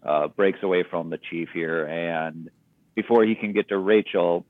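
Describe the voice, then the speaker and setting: A man with a very deep voice walks through a film's plot in a relaxed, chatty podcast manner. His audio is narrow and phone-like. The sound is dry and close. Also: normal speed, no echo. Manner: relaxed, storytelling, recapping plot. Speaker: podcast co-host. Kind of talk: casual movie recap chat.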